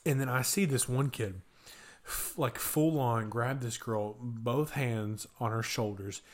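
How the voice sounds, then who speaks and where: Young man telling a lively story. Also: mid-range voice, unhurried. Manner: animated storyteller, acts out kids' voices. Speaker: podcast co-host. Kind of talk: casual chat.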